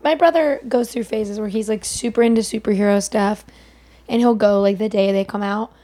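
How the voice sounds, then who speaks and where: A woman co-hosting a podcast, telling rambling, lively anecdotes and acting out what people said. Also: medium pitch, normal speed. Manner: lively, rambling, acts out quotes. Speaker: podcast co-host. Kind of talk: casual storytelling.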